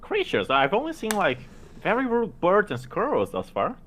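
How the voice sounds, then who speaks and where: A stammering, joking man plays a bard at a tabletop game table. His voice sits somewhat high and swings widely in pitch. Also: huge pitch swings, normal speed, fairly bright tone, slight background noise. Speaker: player.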